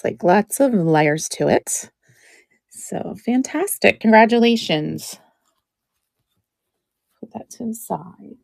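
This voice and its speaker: Slow, gravelly woman selling jewelry live. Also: mid-range voice, no echo. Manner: chatty and relaxed, describing each piece with many fillers. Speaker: live jewelry auction seller. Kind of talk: live sales stream.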